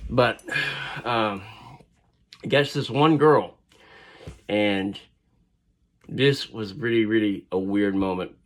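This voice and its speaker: A man's voice: on the low side, slow pace, long pauses. Man telling a rambling story. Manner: rambling, digressive, with fillers. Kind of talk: casual spoken storytelling.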